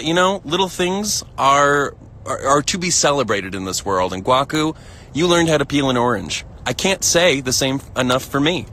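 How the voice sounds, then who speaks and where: A man's voice: mid-range voice, sharp tone, slight background noise. A young man hosting a casual live stream outdoors in a field, reading out chat messages with lots of giggles and filler words. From United States. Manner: chatty and giggly, many fillers and restarts. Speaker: livestream host reading chat.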